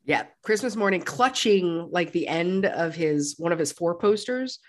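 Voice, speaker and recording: A woman's voice: lowish voice, lively intonation, unhurried, slight background noise. A woman co-hosting a podcast, chatting casually and animatedly about a film and laughing often. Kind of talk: casual chat recapping a film.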